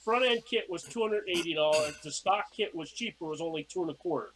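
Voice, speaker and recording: A man's voice: fairly high pitch, fast talker, a crowd in the background, low-quality recording. A middle-aged man, a podcast guest, telling casual stories and acting out his own past lines. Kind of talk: casual storytelling.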